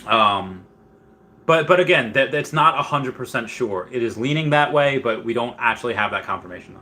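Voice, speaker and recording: A man hosting a casual livestream who rambles on, reads viewer comments aloud and breaks into loud, excited bursts. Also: mid-range voice, normal speed. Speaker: livestream host.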